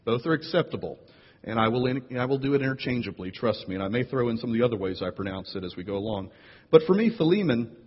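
Playful pastor in an echoey hall. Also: male voice, quick pace, breathy edge, muffled recording. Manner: playful, animated storyteller with big jumps in pitch. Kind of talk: sermon. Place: church sanctuary.

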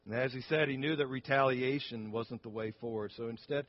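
A man's voice: medium pitch, steady tone, brisk, few pauses, highs cut off. A man pastor preaching a sermon, telling a story earnestly and often restarting his phrases.

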